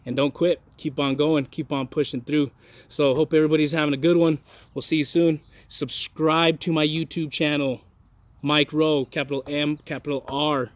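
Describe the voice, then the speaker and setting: A motivational vlogger gives his viewers a casual, folksy, earnest talk, frequently restarting and repeating words. His voice is on the high side, delivered flatly at a moderate pace.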